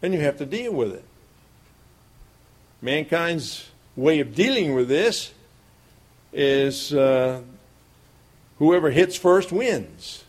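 A man's voice: a little high, animated, takes it slowly, long pauses. A middle-aged man preaching a sermon, telling a homespun childhood story in a folksy way and chuckling often.

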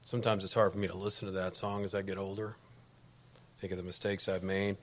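A man's voice: sits low, level tone, fast. A middle-aged man preaching a conversational sermon to a congregation, folksy and anecdotal, often restarting his sentences.

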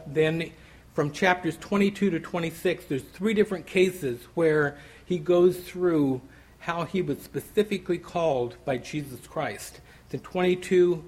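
Teaching a Bible passage verse by verse, a man talks loosely and conversationally, thinking out loud with many "you know" asides, restarting and repeating words. His voice is husky, darkish, and on the high side, captured in a rough recording.

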